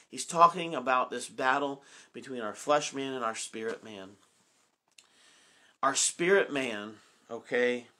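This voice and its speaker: A man's voice: mid-range voice, a bit bright. A man leading a Bible study, reading scripture aloud and then explaining it in an earnest, personal way, with frequent fillers and restarts. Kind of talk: reading scripture and teaching informally.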